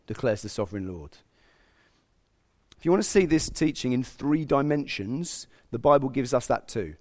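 Gravelly-voiced male preacher. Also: mid-range voice, moderate pace. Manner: animated, acts out God's inner voice. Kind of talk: sermon.

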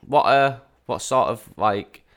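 A man's voice: mid-range voice, slow, a bit bright. A man co-hosting a podcast, teasing the others in casual chat. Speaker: podcast co-host.

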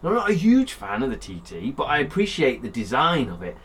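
A man's voice: fairly high pitch, brisk, slight background noise. Jokey man, podcast host. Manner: animated, jokey, swears freely. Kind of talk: casual chat.

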